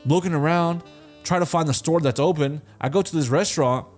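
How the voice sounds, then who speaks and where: A man's voice: fairly high pitch, fairly quick, soft background music. A man in his twenties, co-hosting a podcast, tells stories in a loose, casual way that is full of swearing, fillers and restarts, and he briefly acts out the other people in them. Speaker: podcast co-host answering listener questions. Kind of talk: casual storytelling.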